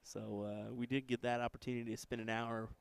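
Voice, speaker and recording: A man's voice: mid-range voice, flat delivery, fairly quick, gravelly, smooth. A man with an American accent hosting casual live-stream darts commentary, chatting with viewers between matches. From United States.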